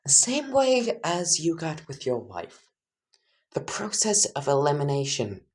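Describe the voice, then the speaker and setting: A woman voicing a small, sly, sadistic male animal who runs a school, with gleeful deadpan jokes. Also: low-pitched, slow pace, pitched above the performer's own voice, heavily acted.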